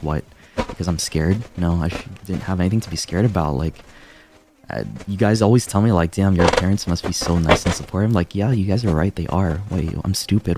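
Low-voiced man talking haltingly on stream. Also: heavy background noise. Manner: halting, full of fillers and restarts. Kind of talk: casual stream talk.

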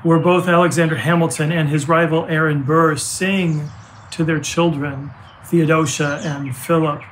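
An older man, a pastor and grandfather, preaching a heartfelt sermon with earnest, halting restarts. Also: a little high, level tone, fairly bright tone, slight background noise.

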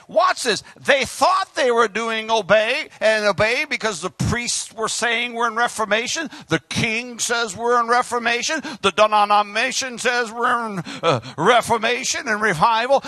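A male pastor with a Southern US accent, preaching a fiery sermon and swinging from loud outbursts to quiet asides. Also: very high voice, no echo. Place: church sanctuary.

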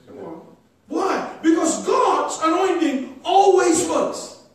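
A man preaching a sermon as a pastor, emphatic and rising to shouts, calling out "amen" and "come on" to the congregation. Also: extremely high pitch, sing-song, slow. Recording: echoey hall, distant mic.

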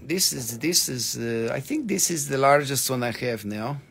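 A man's voice: mid-range voice, normal speed, creaky, fairly bright tone, slightly rough. A man chatting casually and joking with viewers while selling mineral specimens on a livestream, swearing freely. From US East Coast. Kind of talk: casual live-sale chat.

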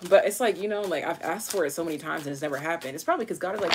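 A woman's voice: fairly low pitch, very fast, hardly any pauses, noisy background. A woman giving a casual, chatty tarot reading to her viewers, full of slang and fillers. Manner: chatty, slangy, thinks aloud with many fillers. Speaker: tarot reader.

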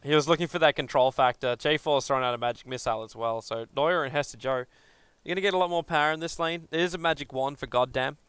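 A male esports caster with a bright, crisp and forceful voice, talking into a headset. He calls the match in quick, excitable play-by-play, and his voice pitches up higher than most men's when the action heats up. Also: no room sound. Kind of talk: live game commentary.

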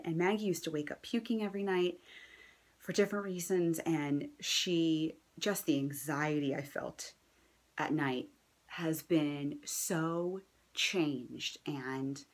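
A low-voiced woman in her thirties shares a heartfelt personal testimonial as a mother. She talks casually and earnestly, with fillers and restarts, and sometimes drops into a whisper.

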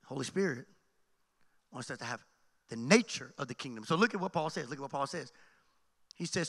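A man's voice: on the high side, animated, normal speed, long pauses, pushed and bright. A man preaching a sermon as pastor in a church sanctuary, calling out to the congregation. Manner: preaching with call-and-response asides. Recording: long hall reverb.

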